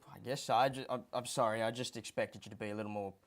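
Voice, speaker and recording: A man's voice: lowish voice, steady tone, fast talker, natural voice. A man playing a flustered talk show host who stammers and turns defensive in a comedy sketch.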